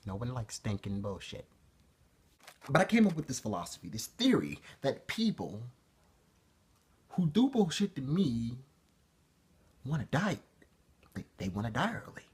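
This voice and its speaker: Husky man ranting in a lively voice. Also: mid-range voice, measured pace, long pauses. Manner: profane, rambling, self-interrupting. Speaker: vlogger. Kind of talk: rambling casual monologue to camera.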